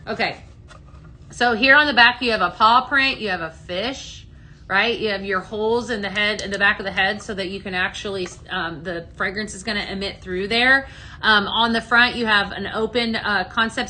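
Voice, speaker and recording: A woman's voice: medium pitch, normal speed, pushed and bright, slight background noise. A woman hosting a live product-demo stream in an echoey room, chatting with viewers and answering their comments, with frequent ums. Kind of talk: live sales demo chat.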